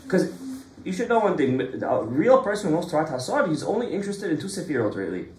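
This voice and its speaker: Male Torah teacher, animated storyteller with a higher voice, informal class in an echoey room. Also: fast, a little hiss or hum. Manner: lively storytelling, mixes in Hebrew and Kabbalah terms.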